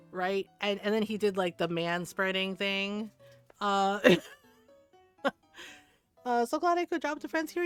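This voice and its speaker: A woman's voice: mid-range voice, a bit bright, clean tone. A woman livestreamer chatting casually with her viewers, answering chat and telling stories with frequent laughs.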